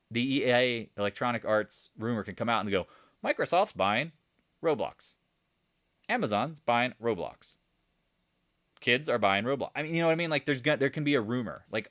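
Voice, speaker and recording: A man hosting a live market commentary stream, talking in a blunt, animated, sarcastic way. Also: mid-range voice, no room sound, clean studio sound. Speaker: host of a trading channel.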